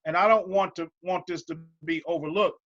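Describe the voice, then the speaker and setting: Bright-voiced enthusiastic male host. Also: high-pitched, steady tone, brisk, highs cut off. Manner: enthusiastic, affirming interviewer. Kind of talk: interview hosting.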